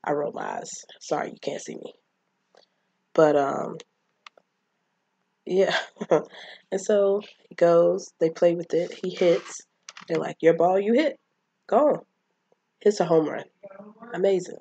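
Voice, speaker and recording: A woman's voice: on the low side, fairly even intonation, slow, gravelly, long pauses, dark tone, breathy edge, dry recording, muffled recording. A woman casually retelling a childhood movie, chatting and acting out the characters' lines. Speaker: movie recapper.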